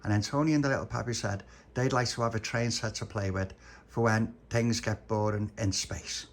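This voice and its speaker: A man's voice: on the low side, fairly even intonation, normal speed, a little hiss or hum. A man improvising a playful family bedtime story, rambling and restarting his sentences.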